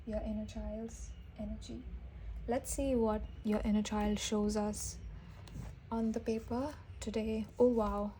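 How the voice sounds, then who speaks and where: A woman with a fairly high voice gives a tarot reading straight to her viewers. She talks gently and warmly excited, often restarting her sentences and breaking into soft exclamations. A faint hiss sits under the recording. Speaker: tarot reader. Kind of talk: intuitive reading addressed to viewers.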